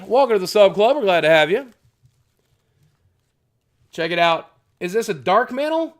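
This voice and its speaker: A man chatting casually and profanely with his stream chat while unboxing, cracking jokes. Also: high-pitched. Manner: crude, profane, jokey.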